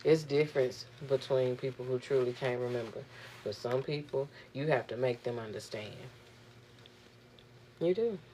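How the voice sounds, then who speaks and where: A young woman vlogging, venting in a profane, animated, exasperated way. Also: very deep voice, normal speed, a little hiss or hum. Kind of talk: casual venting monologue.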